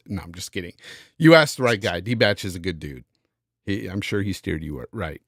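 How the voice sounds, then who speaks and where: A man's voice: sits low, expressive, moderate pace, dry recording, studio quality. A man hosting a casual live-stream podcast, reading out super chats and thanking viewers by name. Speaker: podcast host.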